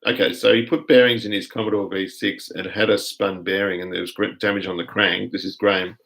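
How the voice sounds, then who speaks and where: A low, fairly quick, creaky-voiced Australian man hosts a casual live stream on a rough recording. He chats in a relaxed, rambling way while reading viewer comments aloud.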